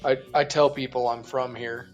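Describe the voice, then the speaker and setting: Relaxed man talking as a guest. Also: mid-range voice, moderate pace, dull audio, faint music behind. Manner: relaxed, easygoing, laughs along. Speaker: interview guest, group organizer. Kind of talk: casual interview conversation.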